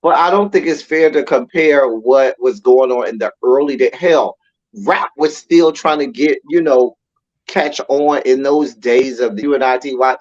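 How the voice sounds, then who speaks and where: A man's voice: mid-range voice, moderate pace. Reflective man, slightly muffled audio. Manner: reflective, recalls music history, many "you know" fillers. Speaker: co-host. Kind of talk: casual podcast chat.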